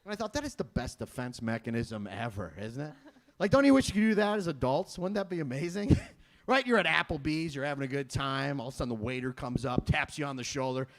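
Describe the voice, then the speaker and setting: A man in his thirties doing a stand-up comedy set, self-deprecating and jumping into loud voices when quoting people. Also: mid-range voice, lively intonation, fast.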